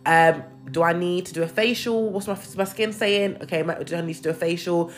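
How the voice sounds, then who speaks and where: A young woman venting in a casual monologue, candid and expressive, swearing freely. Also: fairly low pitch, a little fast.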